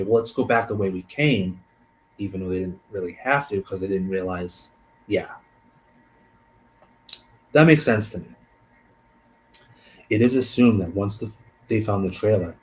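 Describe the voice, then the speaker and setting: A man hosting a stream, reading a case aloud and thinking out loud between passages, trailing off and restarting. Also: on the low side, poor audio. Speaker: host.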